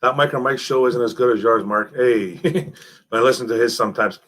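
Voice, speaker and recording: A young man hosting a casual live stream, reading chat messages and talking football in a lively, repetitive way, calling people man and bro. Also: mid-range voice, normal speed. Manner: animated, repeats himself, calls people man and bro.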